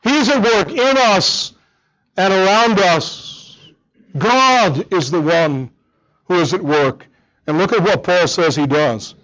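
A man's voice: high voice, slow pace, a bit bright, dull audio. A man preaching a sermon, earnest and emphatic, often repeating words as he drives a point home. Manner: earnest, emphatic, with frequent repetitions.

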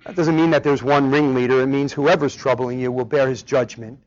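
A man's voice: medium pitch, steady tone, fairly quick, a little mellow. A man preaching a sermon with emphasis, often asking the congregation rhetorical questions. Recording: dull lo-fi recording.

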